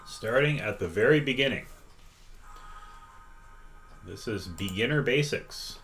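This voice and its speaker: A man's voice: mid-range voice, lively intonation, a bit bright, faint music behind. A man teaching chess on a live stream, patiently reading out viewers' votes and inviting them to join in. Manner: slow, patient, reads out chat votes. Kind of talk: interactive live-stream lesson.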